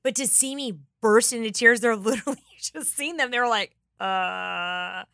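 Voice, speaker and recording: Bright-voiced woman guest, emphatic, dramatic storytelling, dry mic. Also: a little high, dry recording. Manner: emphatic, quick-talking, dramatic retelling. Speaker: podcast guest. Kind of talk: casual interview chat.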